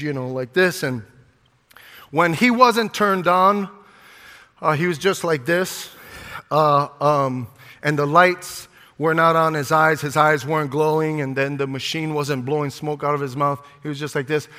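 A man's voice: fairly high pitch, a little slow, pushed and bright. An older man, a pastor, preaching a fervent sermon after an opening prayer, repeating words and calling on the congregation to answer. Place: church sanctuary. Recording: long reverb of a hall.

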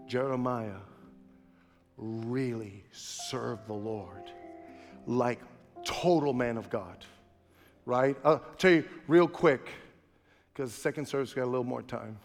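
A male pastor preaching a sermon in an impassioned storytelling manner, in a large church sanctuary. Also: medium pitch. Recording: long hall reverb with faint music.

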